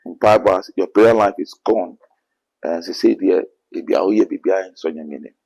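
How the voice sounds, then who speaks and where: Speaking at a moderate pace in a low, darkish voice, a Ghanaian-accented apostle responds to interview questions with earnest, preacher-like conviction. He quotes scripture often and breaks into emphatic bursts. The recording has its highs cut off.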